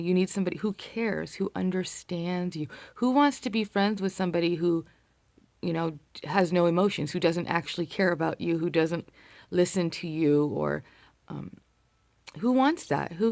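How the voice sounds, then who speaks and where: A young woman speaks to camera in an earnest, reflective way, pausing often and searching for words. Her voice sits low with a gravelly fry. The sound is close and dry. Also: darkish tone, no echo. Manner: earnest, reflective, halting with fillers. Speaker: vlogger sharing personal experience. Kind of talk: casual talk to camera.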